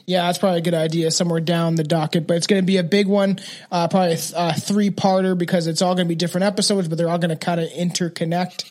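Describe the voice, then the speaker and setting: Man, podcast host, high voice, casual, rambling, searching for words. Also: flat delivery, very fast, a little mellow. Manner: rambling, many fillers and restarts. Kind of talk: casual true crime podcast chat.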